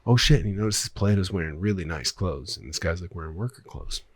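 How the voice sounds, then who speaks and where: A man sits in on a podcast and talks through a story at a rapid, rambling clip, swearing casually as he goes. His voice sits fairly low. The recording is dry and close, with no room sound. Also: no room sound. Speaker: podcast guest, screenwriter. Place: podcast studio.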